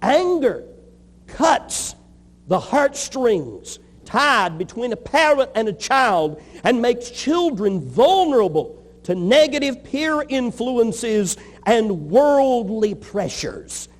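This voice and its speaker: A pastor with a high voice delivers an emphatic sermon and drives his points home through rhythmic repetition. His words ring out with a long reverb trailing behind them in a large hall. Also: very animated, takes it slowly.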